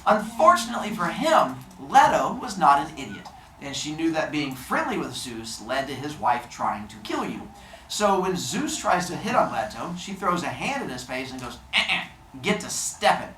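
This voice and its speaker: Lively guy teacher spinning myths for the class, bouncy pitch, echoey room, mic far off. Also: normal speed, slight background noise. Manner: animated, jokey, lots of voices. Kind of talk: classroom storytelling.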